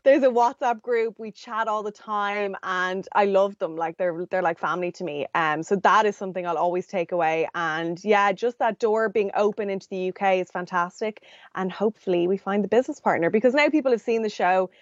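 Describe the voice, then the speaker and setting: A woman's voice: medium pitch, brisk, no room sound, dull audio. A woman from Ireland, a company founder talking candidly and with spirit as an interview guest over a remote line.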